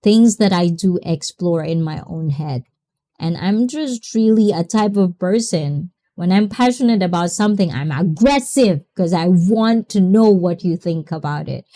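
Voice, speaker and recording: A woman's voice: lowish voice, unhurried, warm tone. A woman hosting a livestream, greeting viewers by name and chatting casually with effusive exclamations. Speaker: livestream host. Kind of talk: casual livestream chat reading comments.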